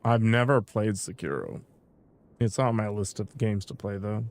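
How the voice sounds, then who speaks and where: A man's voice: on the low side, expressive, normal speed. A man streaming gameplay, talking casually and joking with mild slang.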